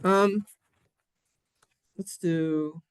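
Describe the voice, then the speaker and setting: A man's voice: a little high, fairly even intonation, very slow, clean tone, no room sound, clean studio sound. A man teaching a playful Hebrew lesson to children in a synagogue classroom, jokey and sing-song.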